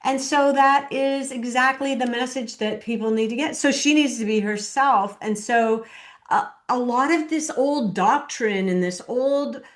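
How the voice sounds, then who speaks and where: A woman's voice: a little high, unhurried. A woman hosting a podcast interview, a coach who listens with many short agreements and shares her own stories. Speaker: podcast host and speaker coach.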